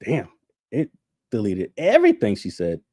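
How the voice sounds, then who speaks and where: A man rants on his own livestream, swearing and sarcastic, his voice jumping up and down in pitch as he gets worked up. The sound is dry and close, with no room around it. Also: huge pitch swings, moderate pace, mellow, dry recording. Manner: profane, heated, sarcastic, laughs often. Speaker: channel host. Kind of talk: casual livestream rant.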